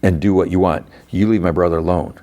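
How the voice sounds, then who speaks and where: A man's voice: low-pitched, fairly even intonation, fast talker, dark tone, natural voice. A man voicing a young man who firmly pleads to protect his younger brother. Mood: firm pleading. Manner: firm, pleading.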